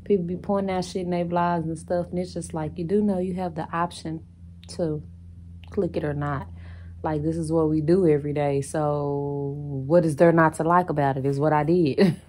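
A woman's voice: low voice, fairly even intonation, moderate pace, dark tone, a little hiss or hum. A woman vlogger chatting casually to her viewers, blunt and chatty, swearing freely and often laughing. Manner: laughs often while talking. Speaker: lifestyle vlogger. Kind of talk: casual chat to camera.

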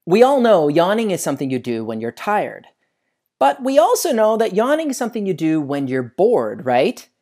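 A man presents a science lesson for children, speaking outdoors with a lively, widely swinging pitch. He keeps the tone animated and often turns questions back to the viewer. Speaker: science educator host. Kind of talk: educational video lesson for kids. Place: outdoors by trees.

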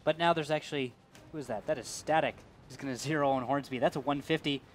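A man's voice: mid-range voice, steady tone, fast talker, faint music behind. A man doing color commentary on an esports match, goofy and jokey, with dry asides. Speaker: esports co-caster.

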